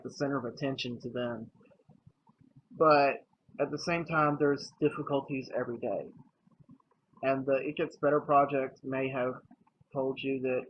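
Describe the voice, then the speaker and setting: Earnest young man telling a personal story. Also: mid-range voice. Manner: earnest, emotional, conversational. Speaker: vlogger. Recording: slightly dull lo-fi recording with faint noise.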